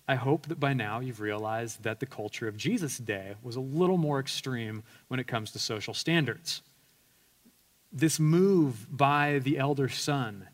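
A man's voice: mid-range voice, fairly bright tone. A male pastor preaching an earnest sermon, telling personal stories with self-deprecating humor and frequent restarts.

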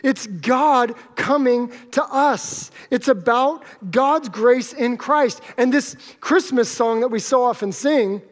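A male pastor with an extremely high-pitched voice preaches slowly, with few pauses, to a live congregation in a church sanctuary. He's conversational and jokes with the audience, and the recording carries a long hall reverb.

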